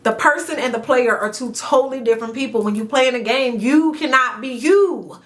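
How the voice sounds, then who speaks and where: A woman hosting a casual reality TV recap, talking straight to the viewer in an animated, chatty way and stretching words for emphasis. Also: a little high, brisk. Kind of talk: casual commentary to camera. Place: indoors at home near a sunny window.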